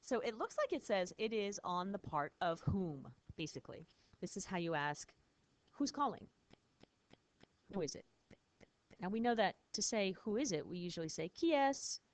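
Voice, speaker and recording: A woman's voice: mid-range voice, expressive, moderate pace, long pauses. A woman teacher patiently explaining French phrases in a recorded lesson, spelling words out.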